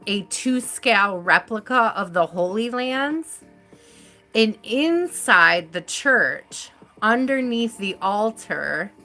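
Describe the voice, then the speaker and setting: Woman chatting on her live stream, slow and effusive, bright voice, lots of likes and ums, faint music behind. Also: medium pitch. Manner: chatty and effusive, laughs often, many fillers. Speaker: tarot reader, live stream host. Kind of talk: casual live-stream chat.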